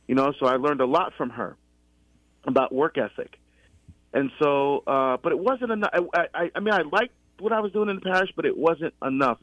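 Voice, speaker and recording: A middle-aged deacon from the US East Coast in a conversational faith talk, telling his story with many restarts and animated quoted exchanges. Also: medium pitch, dry recording. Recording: dull lo-fi sound.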